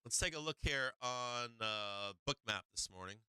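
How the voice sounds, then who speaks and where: Here the same kind of middle-aged host runs a live market stream, excitedly cursing and bantering with viewers as he comments on trades. His mid-range voice is smooth, the pace normal, and there's no room sound.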